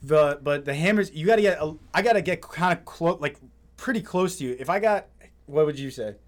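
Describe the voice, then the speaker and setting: A man co-hosting a podcast in casual chat, animated and laughing often, with a lot of "like" filler. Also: fairly high pitch, fairly quick. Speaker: podcast co-host.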